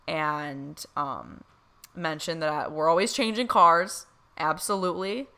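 Young woman vlogger, casual and gushing, bright tone, slightly low pitch. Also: slow. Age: young adult. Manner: excited, gushing, many fillers. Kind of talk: casual storytelling to camera.

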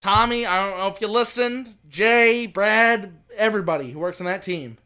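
A man co-hosting a podcast, rambling excitedly about racing with many restarts. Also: high-pitched, normal speed, smooth. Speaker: podcast co-host. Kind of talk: casual racing chat.

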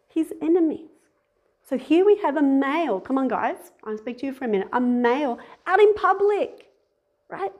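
Animated woman giving a sermon. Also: high voice, lo-fi sound. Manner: animated, acts out voices, laughs at herself. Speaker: speaker giving a talk. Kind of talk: conversational sermon.

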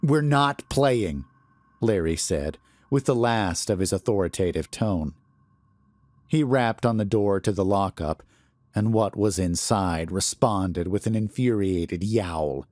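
A man reads a horror story aloud with a low voice and a slow, unhurried, deliberate delivery. His measured tone stays steady from line to line. The sound is close and dry, with no room echo. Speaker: narrator. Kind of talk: horror audiobook narration.

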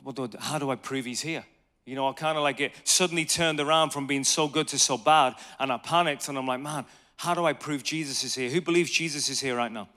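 Guy preaching casual-style, bright kinda high voice, tells stories, keeps asking the crowd stuff. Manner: lively storyteller, asks the audience questions. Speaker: preacher teaching on evangelism. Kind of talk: conversational sermon talk.

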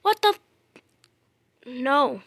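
A woman giving gameplay commentary in a high, lively voice that leaps around her range. She goes from quiet muttering to exasperated shouting and swears at the game. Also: slow, vocal fry, no room sound. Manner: swings between muttering and frustrated shouting. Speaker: gamer.

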